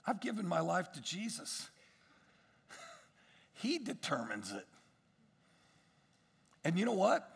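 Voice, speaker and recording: Gravelly high-voiced male preacher. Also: huge pitch swings, takes it slowly, pauses often, long reverb tail. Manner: preaching with emphatic rises, many repeated phrases and restarts. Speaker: pastor. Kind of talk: sermon.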